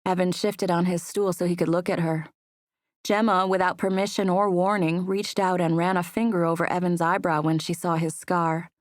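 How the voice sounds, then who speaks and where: With a fairly low pitch and a moderate pace, a female audiobook narrator reads scripted text in a steady, storytelling way. The studio sound is clean, with no room sound.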